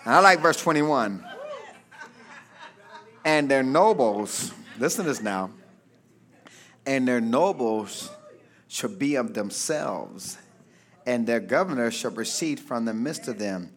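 A man pastor preaching a fervent sermon, reading scripture and calling for amens from the congregation, often shouting. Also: mid-range voice, lively intonation, takes it slowly, long pauses. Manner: reads scripture aloud, then explains it.

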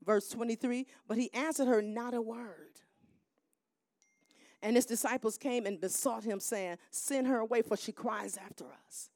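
A middle-aged woman minister preaching a sermon, swinging from quiet storytelling to loud shouted calls and crowd call-and-response. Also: on the high side, no echo, studio quality.

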